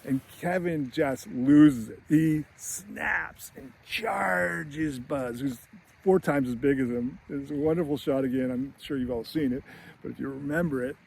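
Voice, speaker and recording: A man's voice: mid-range voice, moderate pace, dark tone, husky. A man casually retelling a film scene in a chatty way, laughing often and using many fillers. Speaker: screenwriting commentator.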